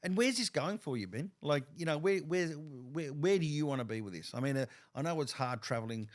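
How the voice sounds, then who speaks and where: A man's voice: a little high, animated, a little fast. A middle-aged man hosting a casual chat, asking eager questions full of trailing asides. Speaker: host.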